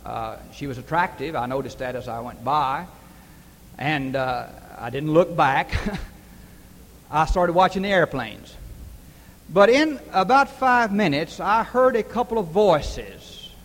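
A man's voice: on the high side, expressive, slow, fairly bright tone. A man preaching a sermon, telling stories earnestly and building to emphatic questions. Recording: distant reverberant hall with faint hiss.

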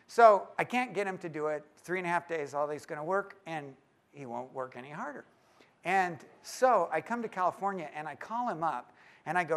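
A pastor telling a humorous story to a live audience, acting out both sides of the conversations. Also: male voice, sits high, fairly quick. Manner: animated storyteller, acts out both sides of a phone call.

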